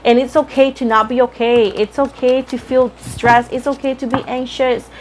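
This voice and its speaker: A woman's voice: high voice, flat delivery, normal speed, a little hiss or hum. A woman giving a casual tarot reading to camera, chatty and frank, talking straight to her viewers. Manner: chatty, frank, addresses viewers as boo and Libra. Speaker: tarot reader.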